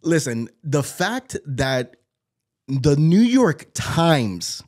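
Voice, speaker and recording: A man's voice: fairly high pitch, big pitch swings, very slow, darkish tone. An easygoing man talks on a casual podcast. He swears freely and often repeats his co-host's words back to him. His delivery stays loose and conversational. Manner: profane, echoes his co-host's lines. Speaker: podcast co-host.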